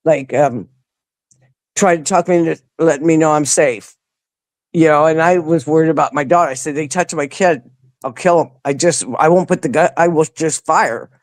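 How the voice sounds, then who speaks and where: A woman's voice: deep voice, moderate pace, no room sound. A woman in a conversational interview, telling her story in a loose, rambling way. She often restarts her sentences and lifts her voice when she replays what people said. The recording is close and dry, with no room sound. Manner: acts out quoted dialogue with a rising voice. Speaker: interview guest.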